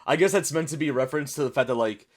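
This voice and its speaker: This YouTube reaction host, an American man, speaks at a racing pace in a medium-pitched voice. His casual video is full of rambling, talkative explanations and frequent laughter.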